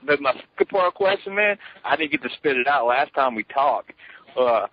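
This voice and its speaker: A man's voice: medium pitch, expressive, brisk. A man hosting, asking a guest questions in a casual, eager way. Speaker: show host. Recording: dull lo-fi sound.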